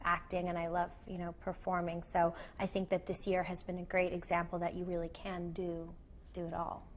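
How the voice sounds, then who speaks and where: A young actress answering TV interview questions in a chatty way, full of "you know" fillers. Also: female voice, fairly low pitch, completely flat delivery, normal speed, a little hiss or hum. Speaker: actress and singer, interview guest.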